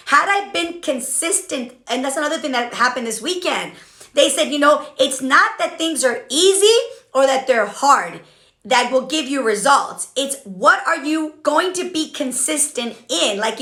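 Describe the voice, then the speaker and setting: High, bright chatty woman in an echoey room. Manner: chatty, frank, keeps asking okay. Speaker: business coach hosting a live stream. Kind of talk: casual motivational talk to a live chat.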